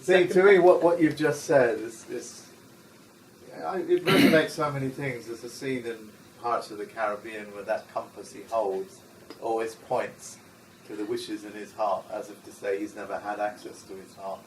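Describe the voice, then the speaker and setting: A man interviewing, reflecting haltingly and searching for words. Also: on the low side. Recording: distant, echoey, noisy.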